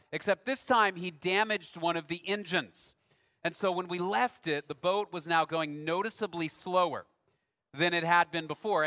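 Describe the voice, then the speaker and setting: A man preaching a sermon, telling a personal story in a relaxed, conversational way with dry self-deprecating humor. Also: high voice, in a large hall. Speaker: pastor.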